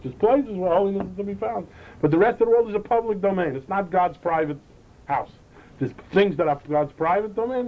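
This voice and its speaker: Animated man giving a Torah lecture, lo-fi. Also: fairly high pitch. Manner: animated, repeats and restarts phrases. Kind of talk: Chassidic lecture. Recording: dull lo-fi recording with faint noise.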